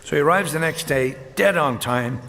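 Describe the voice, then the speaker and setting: This Irish comedian's voice is a little high with some vocal fry as he performs deadpan one-liner golf jokes, flipping fast between characters. It's a live stand-up recording from a reverberant hall, complete with audience noise and laughter.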